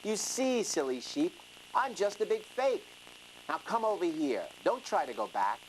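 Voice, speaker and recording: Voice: mid-range voice, sing-song, a little slow, a little hiss or hum, voice pushed up, poor audio. A storyteller voicing a sly, hungry male wolf in a sheep disguise, reading a rhyming storybook over music. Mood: gloating. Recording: music playing under the reading.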